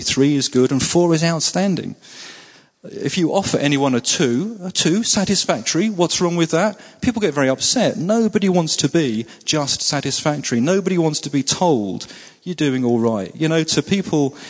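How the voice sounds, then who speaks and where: A man preaching a sermon and praying, earnest, repeating words for emphasis and often pausing with fillers. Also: mid-range voice, in a large hall. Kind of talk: sermon with prayer.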